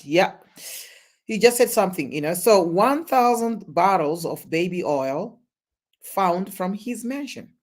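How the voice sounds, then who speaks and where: A live-stream host reacting to news and reading out viewer chat, halting with many restarts and sudden loud exclamations. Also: mid-range voice.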